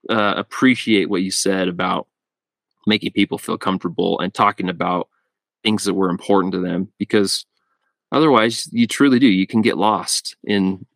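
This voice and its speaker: A man's voice: on the low side, moderate pace, fairly bright tone, dry recording. A man hosting a podcast, chatting with his guest in a casual, reflective way. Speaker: podcast host. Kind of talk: casual chat.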